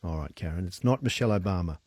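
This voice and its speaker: A man's voice: deep voice, lively intonation, fast talker, darkish tone, husky, dry recording. A man hosting a radio phone-in quiz, chatty and upbeat, laughing easily with callers. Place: radio studio.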